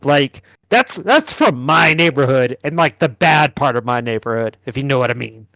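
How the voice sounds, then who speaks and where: A man's voice: mid-range voice, animated, moderate pace, gravelly, sharp tone, no room sound, muffled recording. A man voicing a nervous, street-wise male henchman in a tabletop game.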